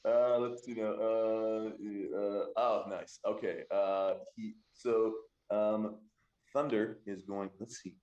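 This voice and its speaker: A man's voice: fairly low pitch, steady tone, takes it slowly, darkish tone, muffled recording. A man narrating a tabletop game as game master in a casual, rambling way. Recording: echoey room.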